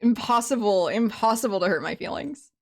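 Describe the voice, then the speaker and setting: A woman's voice: a little high, lively intonation, fairly quick, a little mellow. A young woman streamer chatting casually with viewers, rambling with many fillers and restarts, and laughing in a sniffly way that sounds close to tears.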